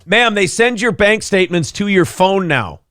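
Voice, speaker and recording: A man hosting a morning show, ranting loudly in a mocking, sarcastic way. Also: sits high, animated, normal speed, no room sound, clean studio sound. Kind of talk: comedic political rant.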